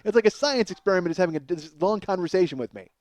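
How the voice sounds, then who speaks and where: A man's voice: sits high, rapid-fire, a little hiss or hum. A male comedian telling a long, profane story as a monologue, laughing as he goes. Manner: animated, profane, laughing mid-sentence. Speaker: comedian host.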